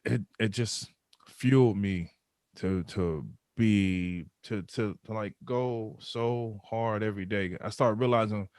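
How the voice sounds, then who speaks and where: A man's voice: lowish voice, no room sound, clean studio sound. A man, a former football player, telling a story in a casual conversational interview, often repeating words as he builds up the tale. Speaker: podcast guest, former pro football player.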